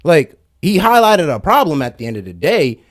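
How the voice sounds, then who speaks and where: Animated, slangy male reaction host. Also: fairly high pitch, normal speed, dry recording, studio quality. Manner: laid-back slangy, laughing asides. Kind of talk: casual reaction commentary.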